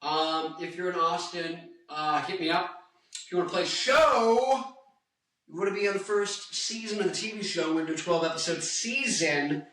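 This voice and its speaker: A rock guitarist and singer in his twenties rambles through a casual vlog in a high, bright, forceful voice at normal speed, hyper and joking as he drifts onto tangents. The mic sits at a distance in an echoey room.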